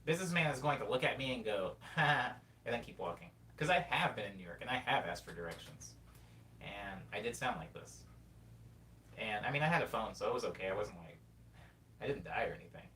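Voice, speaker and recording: A man's voice: lively intonation, quick pace, fairly bright tone. Rambling young man chatting on stream. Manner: rambling and reflective, reads chat messages aloud. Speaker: livestream host. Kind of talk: casual live-stream chat, answering chat. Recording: distant mic with faint rumble.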